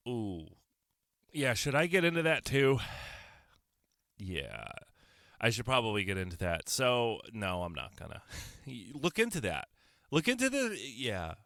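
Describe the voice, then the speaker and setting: Man, solo podcast host, sarcastic, rhetorical questions, bright forceful tone, dry close sound. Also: medium pitch, no room sound. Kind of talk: solo opinion podcast monologue. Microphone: microphone.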